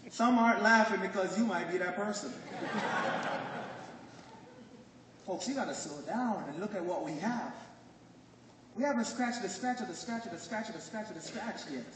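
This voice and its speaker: Jamaican guy hyping up a crowd w stories and jokes, high voice, phone recording from way back in an echoey hall. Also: a little slow, long pauses, far from the mic, background noise. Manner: joking, animated storyteller who questions the crowd. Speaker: business presenter. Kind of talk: motivational speech to a live audience. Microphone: phone recording from the audience, far off.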